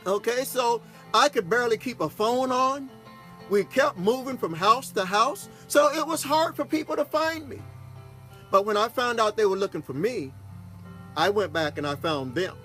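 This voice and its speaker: Speaking at a moderate pace in a very high, animated voice with a fairly bright tone, a pastor and broadcast host from Texas tells a story from his own life. He's folksy and informal and often checks in with an "okay?" Soft background music accompanies him.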